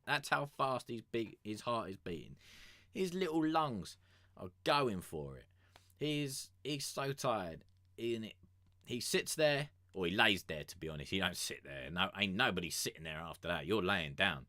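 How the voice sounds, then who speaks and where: A man's voice: fairly low pitch, expressive, measured pace, bright, forceful tone, no echo, clean studio sound. Rambling, swearing man streamer. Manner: rambling and crude, swears a lot, with many fillers. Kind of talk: casual livestream storytelling.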